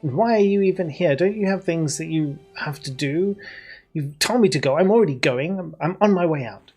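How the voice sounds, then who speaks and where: A man's voice: on the high side, expressive, normal speed, warm tone, husky, soft background music. Man playing a bitter halfling woman mayor, curt and defensive, in a tabletop game. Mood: resentful.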